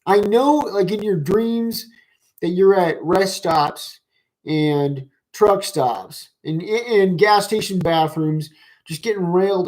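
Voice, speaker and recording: A man's voice: sits high, takes it slowly, a little mellow, poor audio. A man delivering a profane, rambling rant in reaction to comments, heated and mocking, with constant fillers and restarts. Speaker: commentary vlogger.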